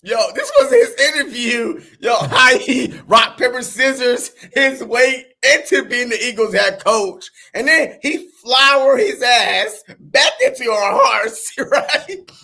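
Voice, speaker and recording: A man co-hosting a casual sports podcast, animated and laughing, slipping into dramatic mock voices. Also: extremely high pitch, takes it slowly, vocal fry. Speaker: podcast co-host.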